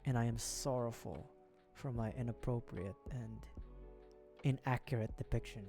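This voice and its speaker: A man's voice: medium pitch, steady tone, moderate pace, warm tone. A man from the Philippines hosts a casual livestream at his home setup. He rambles with self-interrupting asides and little jokes as he builds a model kit, and faint music plays in the background. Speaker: livestream host.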